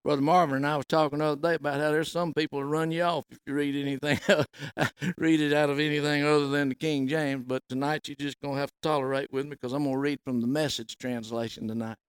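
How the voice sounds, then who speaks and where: A middle-aged man, preaching a folksy sermon and reading scripture, rising loud on quoted words. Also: a little high, flat delivery, quick pace, clear, resonant tone, dry recording, studio quality.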